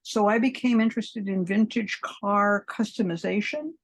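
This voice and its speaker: A woman in her seventies, speaking at a moderate pace with a medium-pitched voice, is a podcast guest full of long, rambling anecdotes. She performs the voices of the people in her stories and frequently breaks into laughter.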